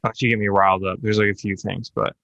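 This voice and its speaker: A man's voice: fairly low pitch, little pitch movement, quick pace, fairly bright tone, no room sound, muffled recording. A young man co-hosting a podcast, telling personal stories in a candid, rambling casual chat with lots of fillers. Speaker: podcast co-host.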